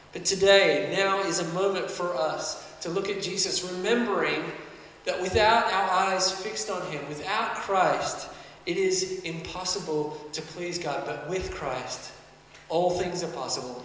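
A man's voice: high-pitched, unhurried, a bit bright, a little hiss or hum. A man preaching a sermon, earnest and conversational, building emphasis as he goes. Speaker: pastor. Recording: echoey hall, mic at a distance.

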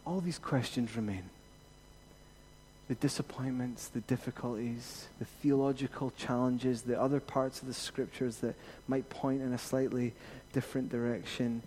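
A man preaching a sermon as pastor, rising to emphatic peaks and then dropping to quiet reassurance. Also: medium pitch, fairly even intonation, moderate pace, slight background noise.

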